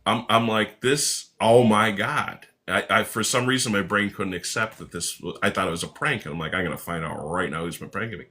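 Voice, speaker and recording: A man with a very low but sharp, bright voice, talking casually as a guest. He tells long stories that wander and restart, quoting himself and others, and swears now and then. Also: quick pace, hardly any pauses. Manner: rambling, animated anecdotes with self-corrections and swearing. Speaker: author and musician guest. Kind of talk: casual storytelling in an interview.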